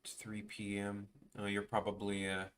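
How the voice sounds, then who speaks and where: A man's voice: on the low side, completely flat delivery, normal speed, a bit bright. A young man with a Chicago accent chatting casually with viewers on a drawing livestream, rambling with lots of restarts. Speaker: art streamer.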